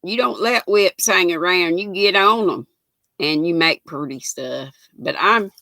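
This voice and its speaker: A woman's voice: fairly low pitch, measured pace, bright, forceful tone, no echo. An older woman with a Southern US accent, hosting a casual live crafting stream, reading viewer comments and greeting them by name in a folksy, affectionate way. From Southern United States.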